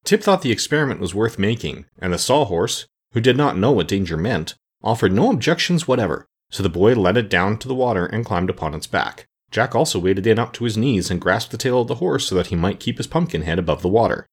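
A man reading a children's fantasy story aloud as an audiobook narrator, with expressive storytelling. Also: lowish voice, fairly quick, hardly any pauses, breathy edge.

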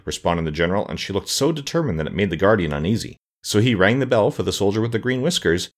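A man's voice: lowish voice, expressive, fast, hardly any pauses. A man narrating a storybook aloud, reading expressively and doing the characters' voices.

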